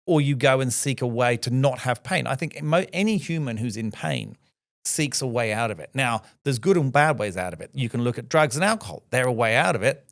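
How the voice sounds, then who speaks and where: A man's voice: medium pitch, no echo, studio quality. A middle-aged man speaking as a podcast guest, reflective and emphatic, often adding rhetorical "right?" asides.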